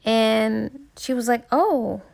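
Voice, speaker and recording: A woman's voice: fairly high pitch, takes it slowly, creaky. A woman casually retelling a novel's plot as a book reviewer, chatty and slangy, with fillers.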